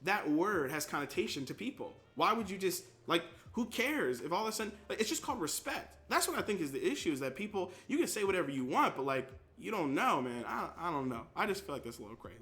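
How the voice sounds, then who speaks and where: In casual live-stream commentary, a young man with a high voice reads his chat out loud and reacts with animation. He talks fast with hardly any pauses.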